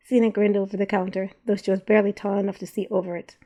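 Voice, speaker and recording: A woman narrates a story with a mellow, warm tone at a middling pitch. Her reading is measured and even.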